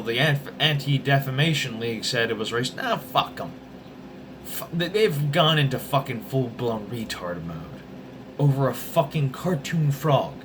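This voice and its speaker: Young male vlogger, lively swearing rant, noisy vehicle sounds behind. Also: medium pitch. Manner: animated, swearing, jumps between topics. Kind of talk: profane rambling rant.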